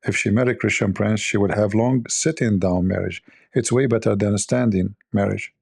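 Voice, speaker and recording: A man's voice: on the low side, steady tone, moderate pace, vocal fry, a little mellow, breathy edge, no room sound, clean studio sound. A man hosting a joking commentary who rambles, mocks and thinks aloud into a desk microphone. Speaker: host.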